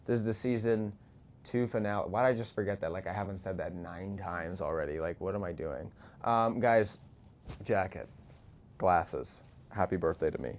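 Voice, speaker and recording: A man's voice: sits low, moderate pace, a little mellow. A man hosting a live talk show, joking and teasing between questions. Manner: joking, playful asides.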